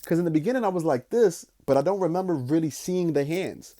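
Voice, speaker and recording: Profane, animated young man telling a story. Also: on the high side, fast. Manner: animated, profane, frequent "like" fillers. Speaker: podcast host. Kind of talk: casual storytelling.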